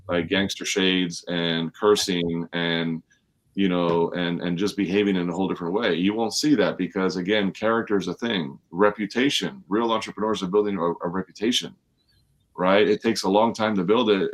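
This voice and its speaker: A man on a discussion panel, speaking emphatically and repeating key phrases for weight. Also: low-pitched. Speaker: panel guest. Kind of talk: casual discussion.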